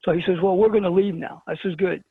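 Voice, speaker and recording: A man's voice: high voice, fairly even intonation, fast, slightly rough, dry recording. A middle-aged man from Brooklyn, a show guest telling a story and acting out the exchanges. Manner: dramatic retelling with quoted exchanges. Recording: tinny phone line.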